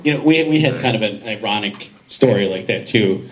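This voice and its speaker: Man telling an animated panel story. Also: on the low side, fairly quick, low-quality recording. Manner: animated, acts out voices in his anecdotes, laughs often. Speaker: podcast host on a convention panel. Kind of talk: casual storytelling to a panel audience.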